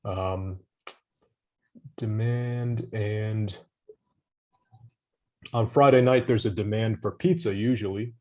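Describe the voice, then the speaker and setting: A man's voice: on the low side, steady tone, takes it slowly, pauses often, darkish tone. A man tutoring English vocabulary over a video call, patient and encouraging, giving hints and praise. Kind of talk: online vocabulary lesson.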